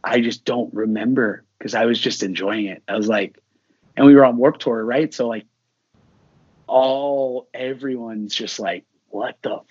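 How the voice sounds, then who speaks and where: A husky-voiced middle-aged man recounts his story in an interview, full of energy and acting out the lines of others. The recording is dry and slightly dull, with a lo-fi edge. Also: medium pitch, measured pace, no room sound. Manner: animated, acts out quoted dialogue. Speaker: musician guest. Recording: dull lo-fi sound.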